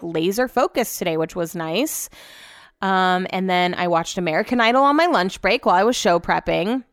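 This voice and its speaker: A woman's voice: medium pitch, creaky, a bit bright, dry recording, clean studio sound. A young woman hosting a podcast, telling stories in casual chat, chatty and emotional with frequent swearing. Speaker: podcast host.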